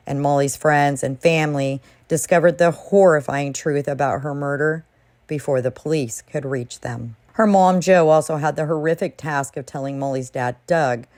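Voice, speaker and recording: A woman's voice: deep voice, a little mellow. A woman narrating a true crime story in a solemn, dramatic scripted delivery.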